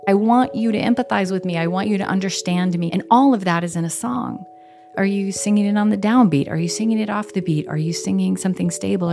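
Gravelly-voiced woman songwriter, reflective. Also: on the low side. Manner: reflective, slow, earnest. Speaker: songwriter and teacher. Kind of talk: interview.

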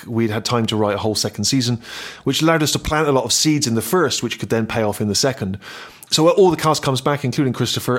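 A middle-aged man with a West Country Bristol accent, speaking at a mid pitch as a radio interview guest. He circles around his points, restarting sentences and leaning on fillers as he talks about his work. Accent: Bristol West Country English. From Bristol, West Country, England. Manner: hesitant, many restarts and filler words. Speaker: interview guest, actor and writer.

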